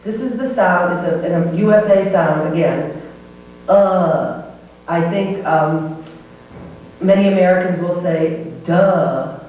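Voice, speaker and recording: A woman teaching pronunciation who slowly models each vowel sound and patiently explains how the lips and jaw move. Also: fairly low pitch. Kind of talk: slow demonstrative pronunciation lesson. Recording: old VHS tape, distant roomy echo, dull with faint hum.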